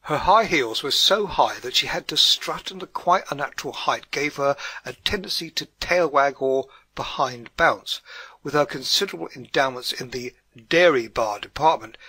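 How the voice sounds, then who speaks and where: A man narrates an audiobook in a wry, measured manner. His voice is bright and a little husky, recorded close and dry. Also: mid-range voice, expressive, no room sound.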